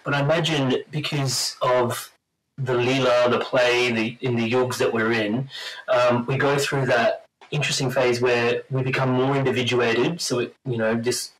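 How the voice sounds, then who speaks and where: A man's voice: mid-range voice, flat delivery, normal speed, fairly bright tone, rough recording. A man with a mid-range voice hosts a casual podcast conversation. He asks thoughtful, searching questions and laughs easily along the way. There is a faint hint of noise behind him. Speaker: podcast host.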